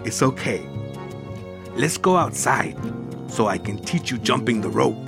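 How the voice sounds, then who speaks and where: Man reading a firm, coaxing father, slow and deliberate, over music. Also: mid-range voice, lively intonation, gravelly. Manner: firm, coaxing, sprinkled with Spanish words. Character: stern, pushy father of a young son. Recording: music playing behind the voice.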